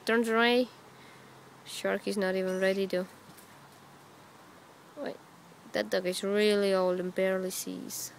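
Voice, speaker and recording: A woman's voice: mid-range voice, fairly even intonation, measured pace, pauses often, a little hiss or hum. A woman filming her pets outdoors in a back yard on a phone, talking to them in coaxing baby talk with short, sing-song questions. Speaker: pet owner filming her dog and rabbit. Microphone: phone camera held while filming.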